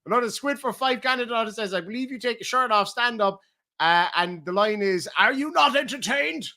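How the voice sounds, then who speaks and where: A man's voice: high-pitched, brisk. An Irish man casually reading out donation messages on a livestream, swearing freely and joking around. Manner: profane, jokey and excitable.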